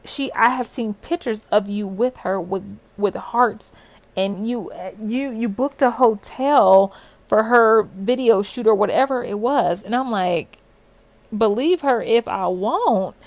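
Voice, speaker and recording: A young adult woman telling her own story in a casual vlog, animated and full of "like" fillers. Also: a little high, unhurried, no echo.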